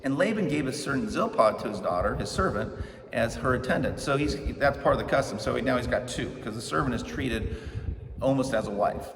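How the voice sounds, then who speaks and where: A man's voice: mid-range voice, expressive, fairly quick, vocal fry. A middle-aged man preaching a casual, joking sermon, telling the story conversationally and acting out the characters' lines. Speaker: pastor. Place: church sanctuary. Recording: echoey hall, distant mic, background noise.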